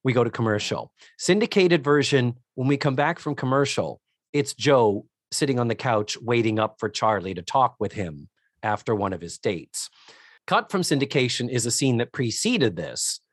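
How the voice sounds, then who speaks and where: Animated man recapping a sitcom. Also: medium pitch, moderate pace, breathy edge, no echo, studio quality. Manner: animated, acts out characters' lines in put-on voices. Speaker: podcast co-host. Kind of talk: casual chat recapping a sitcom episode.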